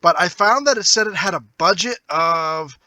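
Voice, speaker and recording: A man's voice: high-pitched, moderate pace, sharp tone. A man co-hosting a movie podcast in casual chat, looking up and reading out facts about the film. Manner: fact-checking, reads out details. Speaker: podcast co-host.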